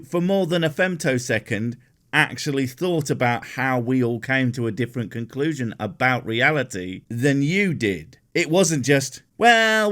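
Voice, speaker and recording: Sarcastic male commentary host, animated and profane, swinging pitch a lot.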